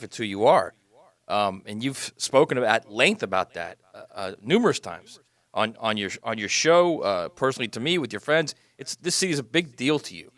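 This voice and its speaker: A man hosting a radio show who asks a long question haltingly, with many restarts and fillers. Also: fairly low pitch, fairly bright tone, dry recording. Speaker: radio host. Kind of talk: interview question.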